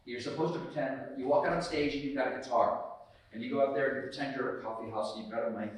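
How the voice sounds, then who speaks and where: A man from the United States speaking as a guest, telling a lively anecdote and acting out the scenes, often laughing. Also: medium pitch, fast. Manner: lively, laughing storyteller who acts out scenes. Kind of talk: storytelling anecdote on stage. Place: large hall at a student society event. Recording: echoey hall, far from the mic.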